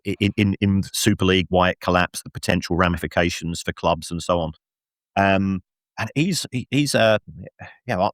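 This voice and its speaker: A middle-aged man, a football finance expert guest on a podcast, telling an animated story with lots of restarts and self-mocking laughs. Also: fairly low pitch, no room sound, studio quality. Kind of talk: casual podcast anecdote and analysis.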